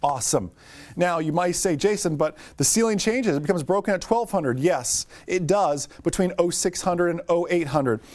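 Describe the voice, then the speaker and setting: A middle-aged man leads a live online class for drone pilots. He talks quickly and cheerfully, calls on viewers by name, and his voice sits a little high for a man. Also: darkish tone.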